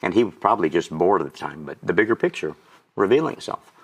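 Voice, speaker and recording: A man's voice: sits low, animated, fast talker, husky. A man in his sixties, an auctioneer and guest, telling his personal testimony and getting choked up with emotion. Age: 60s.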